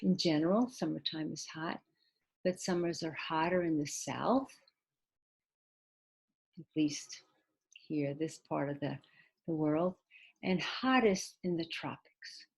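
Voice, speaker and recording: A woman teaching English in a recorded video lesson, patiently explaining step by step, spelling out letters, with hesitant pauses and restarts. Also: low-pitched, creaky, husky. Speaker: ESL teacher.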